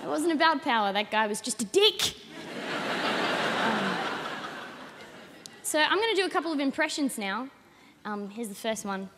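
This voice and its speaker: A nineteen-year-old Australian woman doing a deadpan stand-up set on a comedy stage. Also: moderate pace, pauses often. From Australia (Adelaide). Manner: deadpan, with sudden high shrill rants. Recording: reverberant hall, faint noise.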